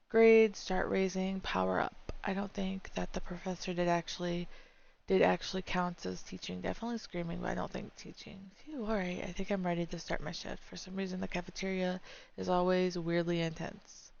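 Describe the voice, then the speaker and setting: Gravelly young woman reading a visual novel. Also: fairly low pitch, darkish tone, highs cut off. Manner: chatty, wry, talks to herself.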